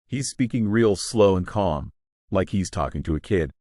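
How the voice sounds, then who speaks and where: A man with a fairly low voice tells a first-person story in a casual, wry storytelling manner. The recording is dry and close, with no room sound. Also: expressive, moderate pace, warm tone, no room sound. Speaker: story narrator.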